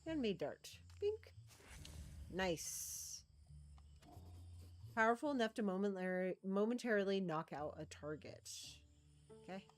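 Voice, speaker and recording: A woman's voice: mid-range voice, animated, unhurried, long pauses. A woman streaming a video game, chatting casually with viewers as she thinks aloud and adds playful little sound noises. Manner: coos affectionately at game creatures. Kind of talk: casual live-stream commentary.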